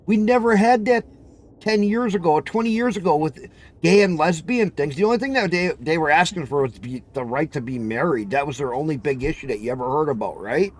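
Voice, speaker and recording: High-voiced man ranting. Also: expressive, fairly quick. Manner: ranting, repetitive, blunt and profane. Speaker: livestream host. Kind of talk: heated open chat.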